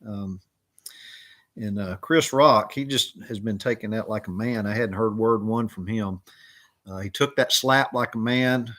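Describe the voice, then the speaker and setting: A man's voice: on the low side, measured pace, a bit bright. A middle-aged man, casually rambling through stories on a live chat, with lots of fillers. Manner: rambling, drawling with many fillers. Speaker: live stream host.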